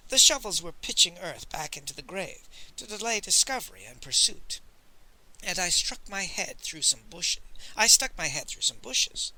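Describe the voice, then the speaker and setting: A male audiobook narrator who reads in an animated storytelling style. His voice sits fairly high, with wide pitch swings and a sharp, bright tone. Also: normal speed, rough recording. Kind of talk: expressive audiobook reading.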